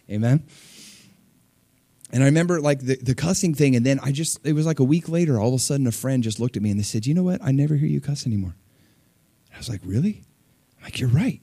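A man delivering a sermon in a loose, conversational way, dotted with fillers and little laughs. His voice climbs high and loud at the emphatic moments, then sinks to near-hushed, intimate asides. The sound is dry and close. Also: husky, no room sound. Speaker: pastor.

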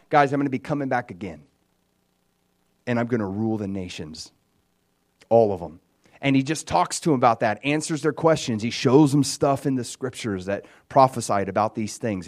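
Man, Bible teaching, casual and conversational, animated storytelling, middle pitch. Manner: conversational, animated retelling with filler words.

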